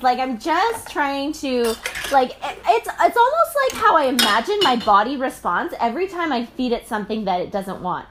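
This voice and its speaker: Animated, chatty high-voiced woman. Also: normal speed, background noise. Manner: animated and chatty, full of filler and laughter. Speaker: mother. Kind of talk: casual reflective monologue.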